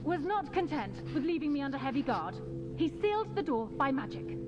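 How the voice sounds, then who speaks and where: Formal captive noble lady, game dialogue, loud music behind. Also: sits high, very animated, fairly quick, lo-fi sound. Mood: urgent. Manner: formal, composed. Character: proud young noblewoman held captive.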